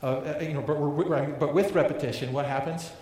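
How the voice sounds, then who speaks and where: A man's voice: fairly high pitch, fairly even intonation, a little fast, a little mellow. Man preaching a sermon in an echoey hall. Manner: earnest, repeats words and restarts often. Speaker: pastor. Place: large church hall. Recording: echoey hall with long reverb.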